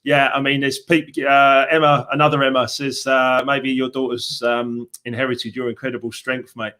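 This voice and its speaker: A man's voice: mid-range voice, little pitch movement, moderate pace, bright, forceful tone. A middle-aged man hosting an interview, openly emotional and encouraging, calling his guest "mate". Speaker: host. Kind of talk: casual interview chat.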